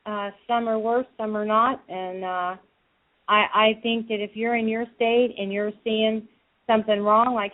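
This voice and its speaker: Earnest woman on a tinny phone line. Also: on the high side. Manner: earnest, talks in rushed loose runs. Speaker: guest, advocacy group director. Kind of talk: casual call-in chat.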